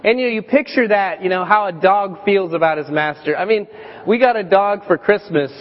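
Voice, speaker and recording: A man in his thirties preaching a sermon as a pastor, chatty and storytelling, with animated voiced quotes. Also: sits high, normal speed. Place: church sanctuary. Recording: dull church recording with long reverb.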